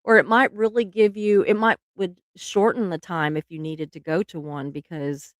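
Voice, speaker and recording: A woman's voice: fairly low pitch, steady tone, normal speed, no room sound, clean studio sound. A middle-aged woman, hosting a casual live stream, chatty and laughing often, trailing off mid-sentence.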